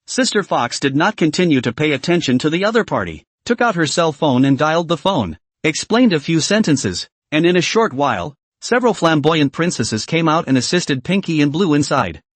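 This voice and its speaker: A man's voice: a little high, no echo. A man narrating a comic story recap in a dramatic storytelling manner.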